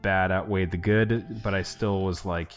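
Male podcast co-host, low-ish voice, measured, music playing behind. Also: fairly even intonation. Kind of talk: casual chat.

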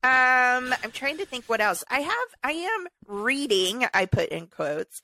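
Bright-voiced American woman co-host. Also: sits high, measured pace. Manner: laughs often, relaxed and chatty. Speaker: podcast co-host. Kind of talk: casual chat.

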